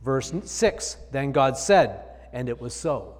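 A man's voice: medium pitch, animated, slow, darkish tone, in a large hall. A male pastor preaching a sermon, reading scripture aloud and explaining it with emphatic repetition.

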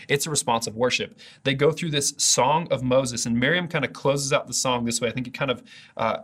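A man preaches a video sermon as a pastor, earnest and conversational, often restarting his phrases. His voice is husky and sits at a middle pitch for a man. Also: fairly bright tone.

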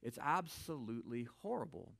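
A man giving a conversational Bible teaching, animated and informal, swinging from quiet asides to loud emphasis and often checking in with "right?". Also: mid-range voice, normal speed, vocal fry.

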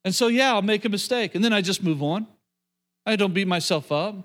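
A man's voice: sits high, a little fast, a bit bright. A middle-aged man preaching to a congregation, repeating phrases and restarting sentences as he calls out to the room. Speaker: pastor. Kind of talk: sermon.

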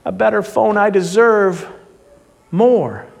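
A man's voice: sits high, takes it slowly, creaky, big-room sound, full character voice. A man preacher voicing a ten-year-old kid, whining and insistent. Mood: whiny.

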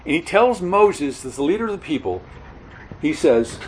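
Earnest male preacher, halting and self-correcting, with a lively rising and falling voice. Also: fairly high pitch, slight background noise, low-quality recording. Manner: halting, repeats words, corrects himself mid-sentence; earnest expository teaching, stresses key words. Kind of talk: sermon.

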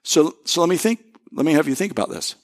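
Guy preaching a sermon, kinda high voice, chatty storytelling, slows way down on the big points. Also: lively intonation. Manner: conversational preaching with storytelling and emphatic pauses. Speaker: pastor.

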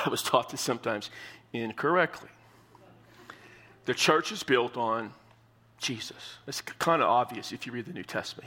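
A man preaching a sermon as pastor, conversational and emphatic, acting out quotes with sudden rises and drops. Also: sharp tone. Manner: conversational, emphatic, acts out quotes with shifting pitch.

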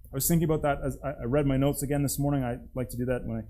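A pastor giving a conversational sermon, restarting phrases often and dropping to a hush on key points. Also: male voice, mid-range voice, fairly even intonation, very fast, poor audio.

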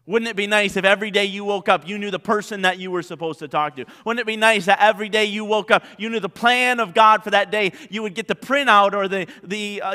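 A male pastor preaching a sermon, animated, with many rhetorical questions. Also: high-pitched, long reverb tail.

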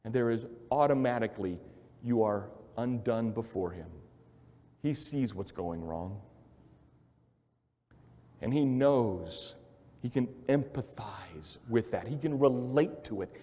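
A male pastor preaching a sermon in an emphatic, repetitive way, swinging from quiet to loud. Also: mid-range voice, lively intonation, slow, long pauses. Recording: long hall reverb.

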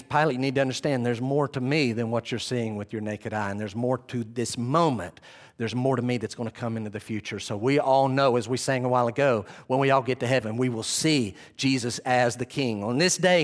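A man preaching a sermon in an animated, conversational way, retelling scenes dramatically. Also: fairly high pitch.

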